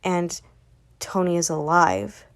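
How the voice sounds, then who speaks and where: A woman's voice: on the low side, big pitch swings, slow pace. A woman casually recapping a webcomic story in a rambling way, relaying each character with "and she's like.". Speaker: webcomic recap channel host.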